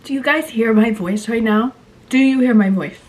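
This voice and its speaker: A woman's voice: on the high side, moderate pace, over music. A woman in her twenties chatting casually to her camera in a vlog, rambling with lots of "like" and restarts while her throat is sore and her voice sounds off. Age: 20s. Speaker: vlogger. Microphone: handheld compact camera.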